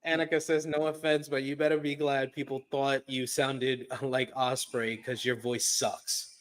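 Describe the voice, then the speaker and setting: A man co-hosting a wrestling review, recapping events calmly, defending his opinions and reading out chat comments. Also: mid-range voice, measured pace. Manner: calm, defends his view, laughs, reads chat comments. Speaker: co-host. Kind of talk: casual podcast recap.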